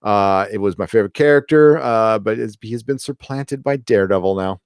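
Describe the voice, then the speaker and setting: A man's voice: fairly low pitch, fairly quick, clean tone, dry recording. A man hosting a live stream, reading viewer comments and rambling casually with lots of fillers, restarts and swearing. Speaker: host of a live chat show.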